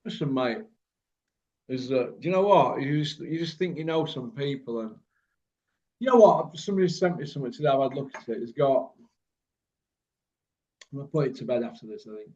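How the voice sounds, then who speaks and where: A man with a Birmingham accent hosting a casual online chat, blunt and rambling, quick to laugh. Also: mid-range voice, expressive, warm tone. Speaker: host. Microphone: video call. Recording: muffled lo-fi video call audio.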